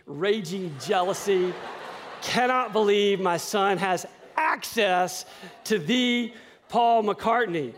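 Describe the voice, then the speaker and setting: A man in his fifties telling a story in a sermon, acting out the dialogue with rising excitement. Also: high-pitched. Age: 50s.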